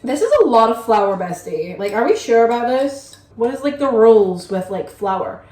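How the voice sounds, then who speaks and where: A woman's voice: a little high, very animated, moderate pace, a little mellow. A young woman, chatting casually to camera for a vlog, rambling and full of "like". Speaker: vlogger. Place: home kitchen. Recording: echoey room.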